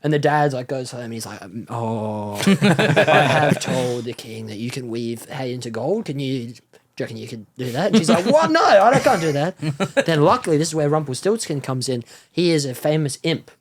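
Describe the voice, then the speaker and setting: A man's voice: medium pitch, animated, normal speed. A man from Australia, a comedian guest on a podcast, rambling through a comic story and laughing often as he talks. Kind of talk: casual podcast chat.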